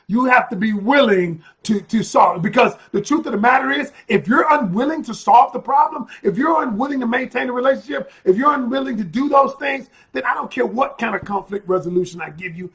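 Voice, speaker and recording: A man giving an emphatic motivational talk as a relationship coach, repeating phrases and bursting into loud, heated stretches. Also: very high voice, expressive, brisk, gravelly.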